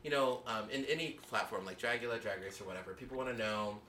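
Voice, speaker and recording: A man's voice: on the low side, fast, pushed and bright, slight background noise. A man interviewing a guest on a podcast in a casual, chatty way, laughing easily. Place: festival venue.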